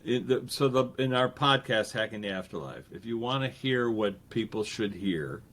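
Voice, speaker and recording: A man talking as a podcast guest in a casual interview, animated and quick to act out the voices he quotes, often restarting his sentences. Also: fairly low pitch.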